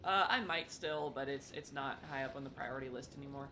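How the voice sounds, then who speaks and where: Chatty streamer over steady background noise. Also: medium pitch. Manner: chatty, apologetic, quick to laugh. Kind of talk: casual live gameplay commentary.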